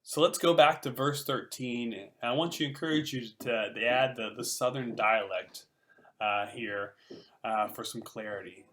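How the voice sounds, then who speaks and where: A man's voice: medium pitch, moderate pace, a bit bright. A male pastor giving a conversational sermon, explaining a Bible passage with casual asides.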